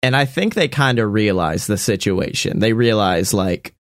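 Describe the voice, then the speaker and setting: A man's voice: fairly low pitch, lively intonation, moderate pace, no room sound, clean studio sound. A man narrating as game master in a casual, rambling way, often laughing.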